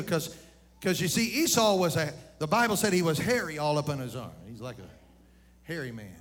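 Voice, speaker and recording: A man preaching a lively sermon, calling out to the congregation and shouting at his peaks. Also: on the high side, a little fast. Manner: animated, addresses congregation directly, shouts at peaks. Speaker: pastor.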